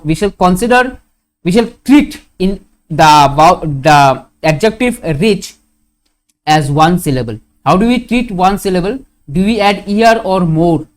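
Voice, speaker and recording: A high-pitched man with an Indian English accent teaches a grammar lesson. He goes slowly, repeats his examples, and often poses a question only to answer it himself.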